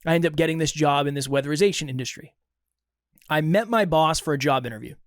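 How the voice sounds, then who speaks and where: A man's voice: on the high side, fast, no echo, clean studio sound. A young adult man from Massachusetts, co-hosting a podcast in casual chat and acting out dialogue as he tells a story. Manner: animated storyteller, acts out quoted dialogue. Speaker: podcast co-host.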